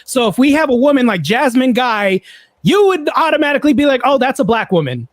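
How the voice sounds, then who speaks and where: A man's voice: very high voice, very animated, brisk, no echo, clean studio sound. A man debating on a live-stream panel, conceding points before pressing his own argument. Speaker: panel guest.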